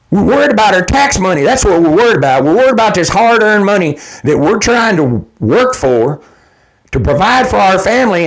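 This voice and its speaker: A man on a fired-up political rant, his fairly high voice leaping up and dropping low as he presses each point. He talks bluntly, swears freely and hammers the same lines again and again for emphasis. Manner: heated, blunt and profane, repeating points for emphasis. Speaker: political commentator. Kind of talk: direct-to-camera political rant.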